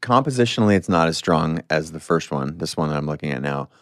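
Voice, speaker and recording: Guest guy with a really low voice, emphatic and keen, dry mic. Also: expressive, fast talker, fairly bright tone, dry recording. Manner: enthusiastic, emphatic explainer. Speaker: podcast guest, photographer. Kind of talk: conversational interview.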